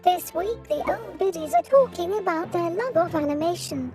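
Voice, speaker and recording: A woman's voice: extremely high pitch, lively intonation, moderate pace, music in the background. Poppy, a woman voicing a chirpy clockwork assistant. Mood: sugary welcoming. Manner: sugary, fussy, calls listeners darlings.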